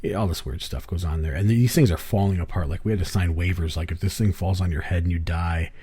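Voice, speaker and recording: Deep husky-voiced rambling man. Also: fast, dark tone. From US East Coast. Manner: rambling storyteller, swears, laughs often. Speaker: podcast host. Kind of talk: casual chat.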